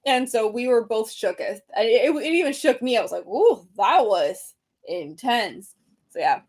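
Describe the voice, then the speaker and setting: Woman in her thirties, chatty, lots of ums, slightly high voice, home livestream at a desk. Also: expressive, brisk, a little mellow. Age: 30s. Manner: chatty, many ums and restarts. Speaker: creator hosting a livestream. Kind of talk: casual livestream chat reading comments. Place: room at home. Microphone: computer webcam mic, seated at desk.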